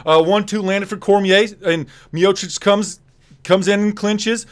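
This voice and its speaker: A man giving casual play-by-play fight commentary on a live stream, quick and loose with fillers and restarts. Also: high voice, steady tone.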